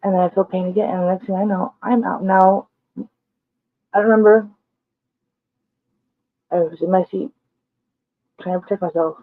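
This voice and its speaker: A woman vlogger tells a story bluntly and emphatically, cursing often as she retells it. Her mid-range voice holds fairly even intonation at a normal speed with long pauses, and the dry, echo-free recording sounds tinny and phone-like.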